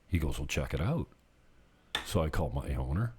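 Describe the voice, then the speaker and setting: Deep-voiced man rambling as a realtor. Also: big pitch swings, a little fast, darkish tone, a little hiss or hum. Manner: rambling, jokey storytelling with laughs. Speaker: real estate agent. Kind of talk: casual vlog chat.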